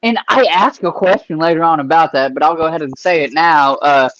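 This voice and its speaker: A man hosting a casual interview, talking loosely with easy profanity and shout-outs to viewers. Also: fairly high pitch, a little fast, no room sound, muffled recording. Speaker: podcast interviewer.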